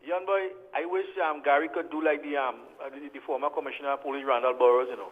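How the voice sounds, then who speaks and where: A man's voice: fairly high pitch, fairly even intonation, quick pace. A man calling in to a talk show, talking in a rambling, hesitant way. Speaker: caller. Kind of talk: phone-in comment. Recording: tinny phone line with reverb.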